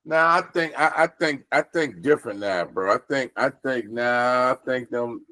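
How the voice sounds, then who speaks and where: A man's voice: medium pitch, normal speed, bright, forceful tone, dry recording. Memphis man, insistent, keeps asking if he's heard, casual talk. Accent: Memphis, Southern US. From Memphis, Orange Mound. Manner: insistent, repeats "do you hear me". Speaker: podcast co-host. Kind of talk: casual conversation.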